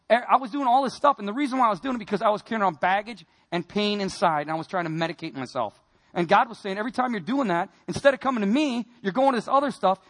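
A man with a noticeably high voice delivers an emotional testimony sermon. He tells his story earnestly, dropping to hushed, heavy moments and then pushing hard for emphasis. He speaks as a man from Wisconsin recounting his own life. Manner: earnest storytelling, swinging between quiet and emphatic. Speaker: speaker giving a personal testimony.

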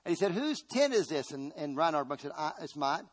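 Man pastor, high voice, middle-aged, sermon with congregation call-outs, loud emphatic peaks. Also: very animated, brisk, husky.

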